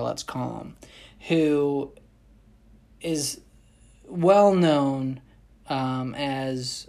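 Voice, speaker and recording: A woman's voice: very deep voice, gravelly, a little mellow. A young woman vlogger chatting casually, rambling with frequent restarts and self-corrections. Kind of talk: casual chat.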